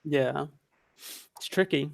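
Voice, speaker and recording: A man's voice: fairly high pitch, slow pace, vocal fry, no echo, clean studio sound. A man speaking as a guest in a casual discussion, in an easygoing conversational way with some casual swearing. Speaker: guest video critic. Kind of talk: casual chat.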